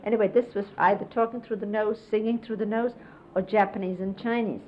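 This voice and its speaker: A middle-aged woman casually reminiscing, explaining hand gestures in an unhurried, conversational way and often quoting others. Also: medium pitch, fairly even intonation. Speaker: interviewee recalling life with a spiritual teacher. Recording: lo-fi 1970s videotape, faint hiss.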